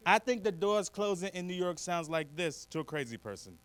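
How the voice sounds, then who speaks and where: Man, stand-up comic, lively bright voice, high pitched, clean dry sound. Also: fairly quick, clean tone. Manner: animated, jumps into loud character voices. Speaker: stand-up comedian. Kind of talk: stand-up set. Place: comedy club stage.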